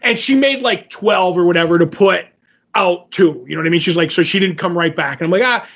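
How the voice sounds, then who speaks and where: High-voiced man telling a rambling story. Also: fairly quick, a bit bright, muffled recording. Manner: rambling anecdote teller, acts out his own quotes. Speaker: podcast co-host. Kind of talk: casual storytelling chat.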